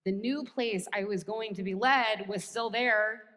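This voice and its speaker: A woman's voice: mid-range voice, a little slow, fairly bright tone. American woman pastor, sermon with wry self-mocking humor, long church-hall reverb.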